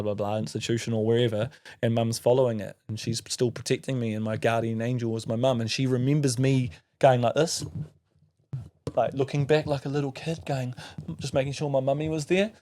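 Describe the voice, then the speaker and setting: A man's voice: mid-range voice, little pitch movement, a little fast, a little mellow. A man in his thirties with a New Zealand accent, a podcast guest telling an emotional story, swearing freely and acting out other people's voices.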